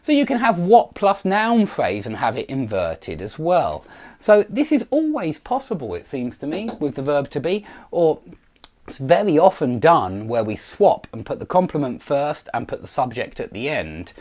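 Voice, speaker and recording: A man's voice: a little high, big pitch swings, moderate pace, darkish tone. A middle-aged man teaching an online grammar lesson, chatty and digressive, with self-deprecating asides. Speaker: English teacher.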